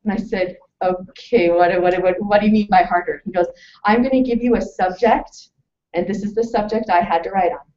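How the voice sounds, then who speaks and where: A woman presenting a lively talk to a live audience, telling stories and asking questions. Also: medium pitch, a little fast, slight background noise. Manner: animated storytelling, asks the audience questions. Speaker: webinar presenter. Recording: distant mic, muffled lo-fi sound.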